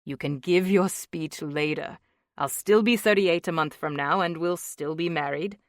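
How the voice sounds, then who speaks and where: A woman reading an audiobook, voicing a gentle, playful young husband in a lowered voice. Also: unhurried, no room sound, studio quality. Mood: teasing. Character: tender joking young husband, man. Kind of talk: audiobook character voice.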